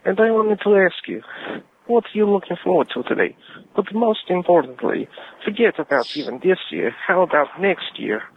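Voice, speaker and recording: A man's voice: high-pitched, expressive, moderate pace, husky, exaggerated voice. A man from the United Kingdom leaving a joking call-in message while putting on a comic Eastern European accent. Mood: playful. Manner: jokey, rambling, talks in points. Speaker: caller. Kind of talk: phoned-in voicemail. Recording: phone line.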